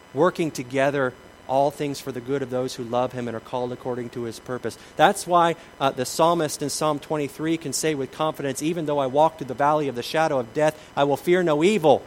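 A man preaching a sermon, shifting between lively emphasis, acted-out quotes and quiet asides. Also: medium pitch, slight background noise, poor audio. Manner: animated preaching, acts out quoted voices, drops to soft asides. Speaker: pastor.

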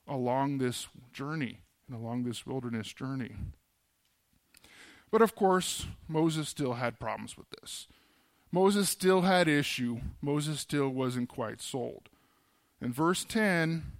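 A man preaching in a relaxed, conversational way, slipping into modern paraphrases of the characters as he retells the story. His voice sits a little higher than most men's, and the recording is close and dry with no room sound. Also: no room sound. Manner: conversational, acts out biblical dialogue in plain modern speech. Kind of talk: casual sermon teaching.

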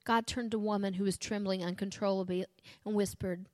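A woman reading a story aloud in first person, earnest and steady, with a few small restarts. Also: mid-range voice, fairly quick, no room sound.

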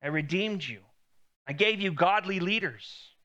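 A man's voice: sits high, measured pace, bright, forceful tone, lo-fi sound. A man preaching a sermon in a conversational way, lifting his voice when he quotes God.

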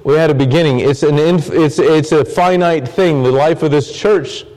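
A man's voice: fairly high pitch, moderate pace, a little mellow, rough recording. A man preaching a sermon as pastor, earnest, often repeating words and phrases for emphasis.

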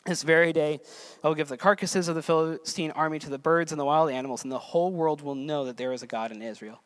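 A man's voice: on the high side, quick pace. Earnest male pastor preaching a sermon. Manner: earnest, builds to emphatic peaks then drops soft.

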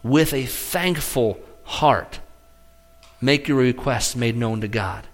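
A middle-aged man preaching a sermon as pastor, with animated swings in pitch and loudness between earnest emphasis and quiet lines. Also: slow pace.

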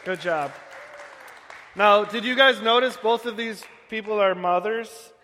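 A man in his thirties giving a joking, animated sermon to a congregation in a church hall. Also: sits high, unhurried, some chatter behind. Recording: echoey hall.

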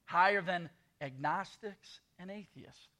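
A man's voice: high voice, a little slow, pushed and bright. A man preaching a sermon as pastor, with sarcastic asides and quoted scripture.

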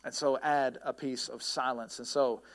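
A man preaching a sermon about prayer in an earnest way, with pauses and restarts, now and then rising to a shout as he tells a story. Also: mid-range voice, steady tone. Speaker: pastor.

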